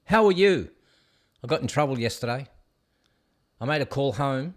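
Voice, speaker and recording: A man's voice: mid-range voice, lively intonation, normal speed, long pauses. A man hosting a casual show, rambling and joking as he stumbles over hard place names. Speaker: show host. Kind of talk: casual rambling video commentary.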